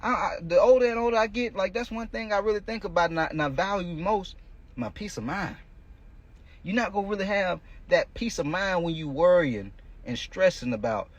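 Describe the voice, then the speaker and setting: A man's voice: high voice, animated, a little fast, lo-fi sound. A male coach hosting a podcast, giving a blunt, profane motivational monologue in casual street talk.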